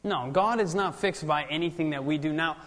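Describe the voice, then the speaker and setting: A man reading scripture slowly and deliberately, then explaining it in a bible study. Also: fairly high pitch, fairly bright tone, in a large hall.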